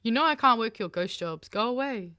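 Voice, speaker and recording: A woman co-hosting a casual political chat, animated and sweary. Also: a little high, clear, resonant tone, no room sound. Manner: animated, sweary, quick laughs. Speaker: co-host.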